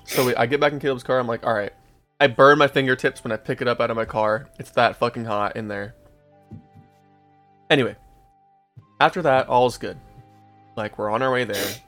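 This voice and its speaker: A man's voice: medium pitch, a little fast, long pauses, fairly bright tone, soft background music. Laid-back young man telling a story. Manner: laid-back, swears often, laughs at his own story. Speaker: podcast host. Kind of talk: casual storytelling to co-hosts.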